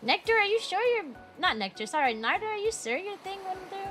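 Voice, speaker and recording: A woman's voice: extremely high pitch, big pitch swings, fairly quick. A young adult woman streaming as a VTuber, rambling through casual chat with giggles and self-deprecating jokes. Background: background music.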